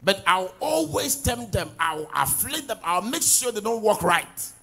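Pastor, male, husky and high-pitched, animated pulpit sermon with big swings in volume. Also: measured pace, soft background music, low-quality recording. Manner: animated preaching, swings from loud declarations to low asides.

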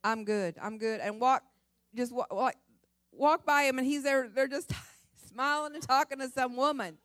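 A woman's voice: high voice, moderate pace, no room sound, clean studio sound. A middle-aged woman giving a humorous testimony sermon, acting out her own cries and often laughing. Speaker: pastor's wife and speaker.

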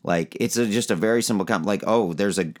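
A man's voice: lowish voice, brisk. A man co-hosting a casual podcast, talking hesitantly with frequent fillers and restarts. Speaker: podcast co-host. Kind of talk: casual chat.

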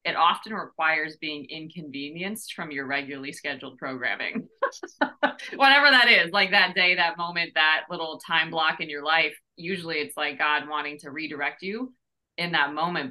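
A woman hosting a faith podcast, chatting with enthusiasm and throwing out rhetorical questions. Her voice sits low for a woman, but it comes across bright and forceful. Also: moderate pace, low-quality recording. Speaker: podcast host. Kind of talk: casual faith podcast conversation.

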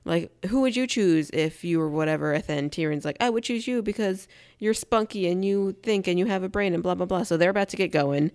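A woman's voice: lowish voice, brisk, hardly any pauses, a little mellow, smooth. A woman co-hosting a podcast, casually recapping an episode and acting out characters' lines in silly voices. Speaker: podcast co-host.

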